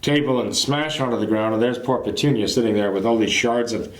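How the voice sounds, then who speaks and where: A man's voice: mid-range voice, steady tone, fairly quick. A man teaching a catechism lesson in a conversational way, explaining points through homely everyday examples. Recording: roomy echo.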